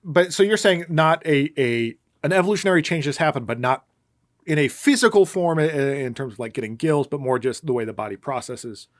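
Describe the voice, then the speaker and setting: A man's voice: fairly high pitch, lively intonation, fairly quick, no room sound, clean studio sound. Sarcastic man ranting on a podcast. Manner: sarcastic, ranting, puts on silly voices. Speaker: podcast co-host. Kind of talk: casual movie-recap chat.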